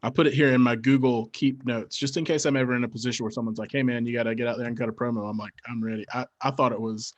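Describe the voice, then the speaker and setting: A man's voice: mid-range voice, fairly even intonation, very fast, hardly any pauses, muffled recording. A man co-hosting a podcast in casual chat, eager and quoting his own reactions. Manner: enthusiastic, quotes himself.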